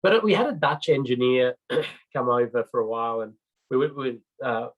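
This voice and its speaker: A middle-aged man talks through a training presentation in a loose, conversational way. He rambles and restarts his sentences, filling the gaps with ums and you-knows. His voice sits at a mid pitch, and the recording sounds slightly dull and lo-fi. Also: normal speed. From Australia. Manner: chatty, rambling, many fillers and restarts. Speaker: road safety trainer.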